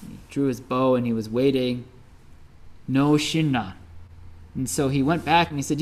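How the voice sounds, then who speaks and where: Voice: medium pitch, normal speed, pauses often. A Buddhist minister telling a teaching story in a conversational sermon, often checking in with "right?". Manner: conversational, lively, with frequent "right?" asides.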